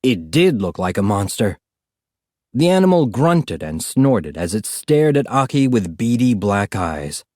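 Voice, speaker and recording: A man narrating a storybook in an expressive, animated reading. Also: fairly low pitch, a little slow, no room sound, studio quality. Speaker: audiobook narrator.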